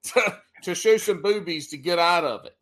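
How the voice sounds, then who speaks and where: Guy cracking crude jokes, bright tense voice, bit higher pitched. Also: lively intonation, moderate pace. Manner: joking, teasing, crude. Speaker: podcast co-host. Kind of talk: casual banter.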